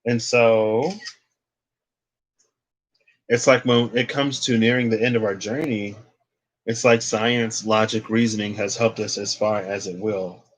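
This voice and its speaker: A man's voice: lowish voice, fairly even intonation, a little slow, long pauses. A young man giving a casual, rambling tarot reading, thinking aloud and restarting his phrases often. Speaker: tarot reader.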